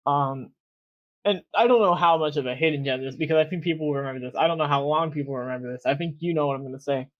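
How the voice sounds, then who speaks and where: A man's voice: on the high side, fast talker, no echo, lo-fi sound. An American man co-hosting a casual chat, hesitant and restarting his sentences. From United States. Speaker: co-host.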